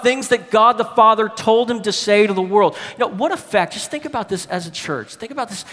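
A male preacher delivers a sermon with emphatic, rising stresses. His voice is fairly high for a man, and a long reverb trails each phrase through the hall. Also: fairly bright tone. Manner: emphatic, leaps up in pitch for stress.

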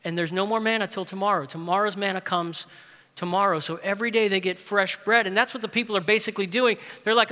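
Bright-voiced man preaching in a reverberant hall. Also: high-pitched, fast talker. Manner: lively, conversational, uses humor and pop-culture stories. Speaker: pastor. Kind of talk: sermon.

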